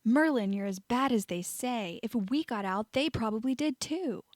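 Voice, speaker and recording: A woman's voice: fairly high pitch, lively intonation, moderate pace, no echo, clean studio sound, close to an everyday voice. A woman reading as a scornful young wizard. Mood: brusque. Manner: brusque, scornful. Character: sharp-tongued young male wizard.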